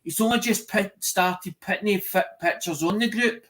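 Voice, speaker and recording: A man with a fairly high voice tells a story in relaxed group chat. He circles back and repeats phrases as he goes. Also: moderate pace. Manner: rambling, repeats himself. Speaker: chat participant.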